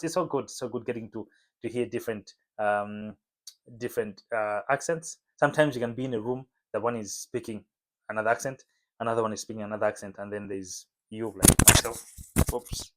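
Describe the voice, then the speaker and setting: Chatty man vlogging at home. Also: fairly low pitch. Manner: relaxed, chatty, frequent fillers. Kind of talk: casual talking-head vlog. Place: home room lit by a window.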